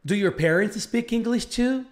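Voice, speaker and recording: A man's voice: sits high, animated, normal speed, pitched above the performer's own voice. A man playing a friendly young American who eagerly fires off questions. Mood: curious.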